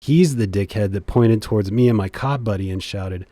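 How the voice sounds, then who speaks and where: A man giving a scripted comic narration in the first person, deadpan and sardonically boastful. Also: lowish voice, normal speed, no echo, studio quality.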